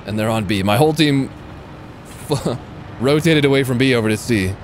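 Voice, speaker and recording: A man's voice: mid-range voice, normal speed, a little hiss or hum. A young man commenting on a live tank game stream, swearing, sarcastic and chatting with viewers.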